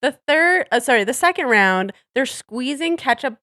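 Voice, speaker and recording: A woman's voice: high-pitched, lively intonation, moderate pace, pushed and bright, dry recording, clean studio sound. A woman co-hosting a podcast in casual chat, chatty and laughing often, trailing off mid-thought. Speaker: podcast co-host.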